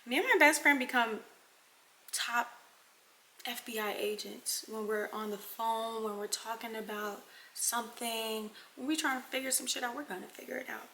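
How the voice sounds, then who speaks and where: A young woman vlogger telling a casual storytime, animated and talking straight to her viewers, sometimes dropping into dramatic whispers. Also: on the high side, moderate pace, gravelly, a little hiss or hum. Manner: addresses viewers as y'all.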